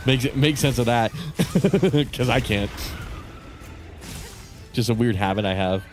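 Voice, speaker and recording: A man's voice: medium pitch, moderate pace, music in the background. Laid-back, cursing young man streaming. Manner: rambling, profane, laid-back. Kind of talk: casual gaming commentary.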